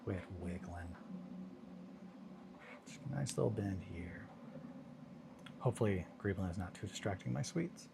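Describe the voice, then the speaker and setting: A man's voice: deep voice, measured pace, creaky, pauses often, heavy background noise. A man chatting casually on a hobby live stream, rambling and joking while he mutters to himself over his work.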